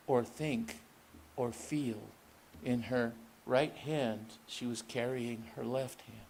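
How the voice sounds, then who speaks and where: A man, an author, reading his own story aloud at a live literary event in measured, deliberate narration. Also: mid-range voice, a little mellow, slight background noise, poor audio.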